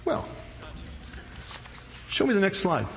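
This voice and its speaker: Slangy, joking preacher in a hall. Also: male voice, sits high, huge pitch swings, takes it slowly, vocal fry. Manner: casual, slangy, humorous storytelling. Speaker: pastor. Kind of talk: sermon. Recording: long hall reverb, faint noise.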